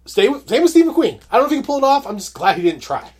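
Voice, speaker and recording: A man co-hosting a podcast, reviewing a movie in measured casual chat and agreeing often. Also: very high voice, very animated. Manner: measured, agreeable, frequent short assents. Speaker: podcast co-host.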